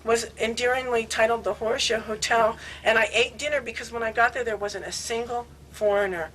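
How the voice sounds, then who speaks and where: Woman, 60s, casual storyteller, animated and laughing, lightly raised pitch. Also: brisk, a little hiss or hum, low-quality recording. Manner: animated, laughing, full of restarts. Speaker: longtime devotee recounting memories.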